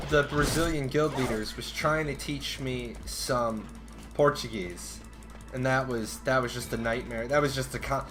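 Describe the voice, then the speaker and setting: A man's voice: mid-range voice, sharp tone. A man from the United States streaming a video game, rambling casually with frequent swearing and laughter. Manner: rambling, profane, laughs often. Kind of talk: casual gameplay commentary. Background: game music and keyboard typing.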